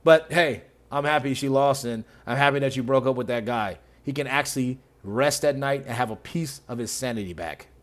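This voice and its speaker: A man's voice: mid-range voice, a little fast, few pauses. A man hosting a reaction video who mocks the clips with sarcasm and frequent laughter. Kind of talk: reaction commentary.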